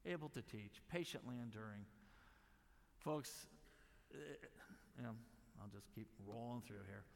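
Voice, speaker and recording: A man's voice: on the low side, measured pace, gravelly, slight background noise. A middle-aged man and missionary giving an emphatic conference teaching talk, stacking lists of repeated words and apologizing for hurrying. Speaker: missionary speaker. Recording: long reverb of a large hall.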